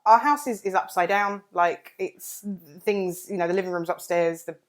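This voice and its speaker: A woman's voice: fairly low pitch, moderate pace. A woman co-hosting a podcast in casual chat, talkative and laughing often, with frequent restarts. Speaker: podcast co-host.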